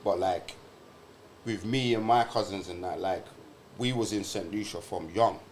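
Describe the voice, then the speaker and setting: A man's voice: low-pitched, a little slow, slight background noise. A young British man on a podcast, chatting casually and animatedly with London slang. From Britain. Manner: animated, uses London slang like innit and bruv. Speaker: podcast co-host. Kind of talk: casual chat.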